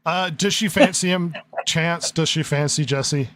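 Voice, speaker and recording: A man's voice: a little high, measured pace, a bit bright. A man hosting a podcast in casual chat, sarcastic and reading out comments and reviews. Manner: sarcastic, reads listener comments and reviews aloud. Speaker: podcast host.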